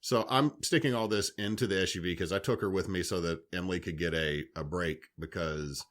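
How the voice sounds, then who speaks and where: A man, telling animated stories on a podcast, swearing freely. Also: sits low, fairly quick. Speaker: podcast co-host. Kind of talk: casual storytelling chat.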